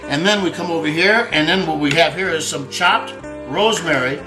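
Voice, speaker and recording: In a home cooking demo, a male host chats in a folksy, joking manner and sprinkles in Italian words. His voice leans high and moves at a normal pace, and the room echoes with faint guitar music behind him.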